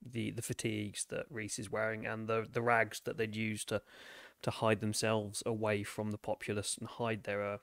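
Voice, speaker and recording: Gravelly man narrating a game. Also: on the low side, completely flat delivery, a bit bright, no echo, clean studio sound. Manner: descriptive, halting with restarts. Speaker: game master.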